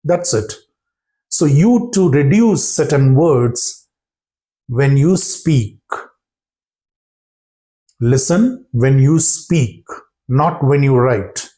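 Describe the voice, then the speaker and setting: This English teacher has a medium-pitched, dark voice with lively intonation. During his spoken-English lesson he speaks deliberately, often pausing for quick questions and praise for the students.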